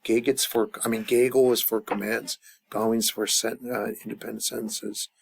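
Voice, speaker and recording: Gravelly man teaching grammar aloud. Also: fairly low pitch, level tone, normal speed. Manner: thinks aloud with many fillers. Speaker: language teacher. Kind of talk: casual grammar lesson at a chart.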